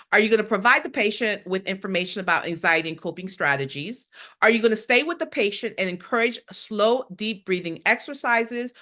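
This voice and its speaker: Bright, emphatic woman teaching nurses. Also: medium pitch. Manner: lively, asks and answers her own questions. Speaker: nursing instructor. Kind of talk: live exam-review lesson.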